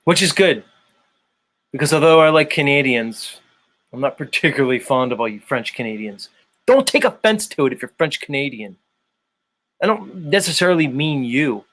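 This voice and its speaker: A man's voice: a little high, expressive, moderate pace, a bit bright. A man hosting his own online show, chatting loosely and rambling with lots of fillers. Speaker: show host. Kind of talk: casual livestream chat.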